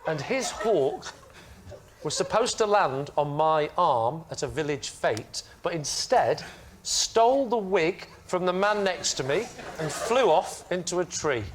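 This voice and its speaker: A man's voice: a little high, animated, a little slow, a little hiss or hum. A man on a comedy panel show, bantering playfully and giggling.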